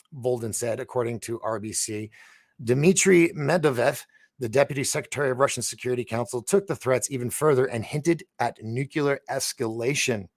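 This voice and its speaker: Gravelly man reading news on a live stream. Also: medium pitch, no room sound. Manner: reads news aloud haltingly, stumbles on names, chats with viewers. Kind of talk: casual live-stream commentary.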